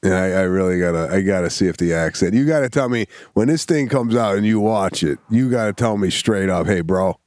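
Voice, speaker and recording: A man's voice: on the low side, expressive, a little fast, few pauses, darkish tone, dry recording, clean studio sound. A man co-hosting a comedy podcast, talking earnestly and repeating himself with stammering restarts. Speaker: podcast co-host. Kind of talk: casual comedic chat.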